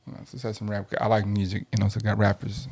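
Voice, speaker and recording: A man co-hosting a podcast in casual chat, laid-back and drawling, often trailing off quietly. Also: on the low side, little pitch movement, fast, vocal fry, slightly rough, dry recording. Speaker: podcast co-host.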